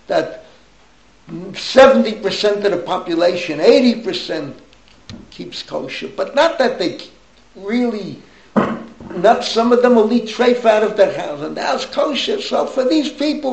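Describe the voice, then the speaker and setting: A man in his eighties, a rabbi teaching an informal class, telling rambling, animated stories with asides to his listeners. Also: high voice, vocal fry, echoey room, low-quality recording. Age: 80s. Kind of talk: informal Torah class talk.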